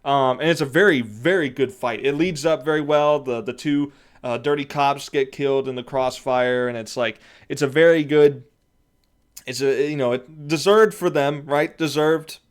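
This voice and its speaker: A man's voice: mid-range voice, fairly even intonation, moderate pace. A man giving a casual spoken review, rambling and thinking aloud with lots of fillers and frequent chuckles. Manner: chuckles often while talking. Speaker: comic book reviewer.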